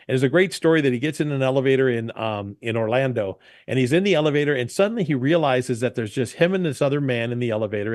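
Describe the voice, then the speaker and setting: An emphatic man on a podcast, telling stories with passion and slipping into other people's voices for quotes. His voice sits at a middle pitch and sounds close and dry, with no room echo. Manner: animated storyteller, emphatic, acts out quotes. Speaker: DJ entertainment company owner, guest. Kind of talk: casual interview talk, giving business tips.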